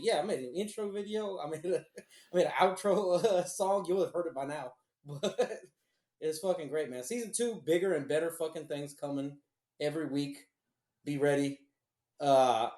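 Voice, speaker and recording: A man's voice: on the high side, a little mellow. A man hosting a podcast in casual chat, laughing often, joking and swearing freely. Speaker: podcast host. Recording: roomy echo.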